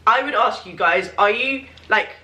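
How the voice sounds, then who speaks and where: A woman's voice: mid-range voice, normal speed, sharp tone, a little hiss or hum. A woman answering questions in a casual Q&A vlog, chatty and rambling, full of fillers. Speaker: fitness vlogger answering questions. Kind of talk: casual Q&A chat. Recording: echoey room, mic at a distance.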